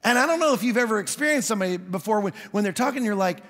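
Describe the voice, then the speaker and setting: A man preaching a sermon as a pastor, telling stories in a conversational way with quick asides. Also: sits high, animated, a bit bright. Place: church hall. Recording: long hall reverb.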